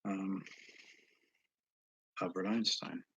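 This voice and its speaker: A man with a Northeast US accent, hosting a casual live chat with viewers. He rambles slowly, with frequent pauses and fillers and asides that trail off quietly. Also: low voice, level tone, slightly rough, dry recording, muffled recording. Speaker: channel host answering viewers.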